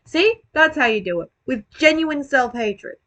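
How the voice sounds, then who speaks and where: A woman's voice: high-pitched, expressive, measured pace, bright, forceful tone. A woman giving casual, self-deprecating commentary on her own old video, rambling, swearing and restarting her sentences.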